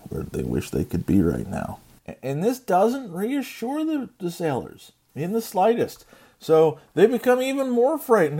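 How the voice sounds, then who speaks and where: A man's voice: sits high, wildly swooping pitch, normal speed, darkish tone. A man reading a Bible story as a dad, in a casual conversational way with jokey asides.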